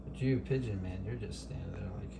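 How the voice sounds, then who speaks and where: A man watching birds, talking to them softly and teasing them in a casual way. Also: low-pitched, a little fast, vocal fry, noisy background. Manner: soft, teasing, talks to birds. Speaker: backyard bird watcher. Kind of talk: casual talk to animals.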